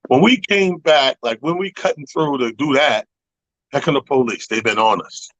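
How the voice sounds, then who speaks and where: A man co-hosting a radio talk show, telling a profane, animated story in casual chat. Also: medium pitch, normal speed, no room sound, highs cut off. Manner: animated, profane, acts out other people's voices. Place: radio studio. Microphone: studio microphone.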